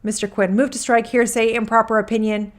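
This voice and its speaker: A woman's voice: a little high, flat delivery, a little fast, natural voice. Curt male lawyer firing off objections, formal and clipped, read by a woman. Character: curt male opposing attorney raising objections. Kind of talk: reading a court transcript aloud.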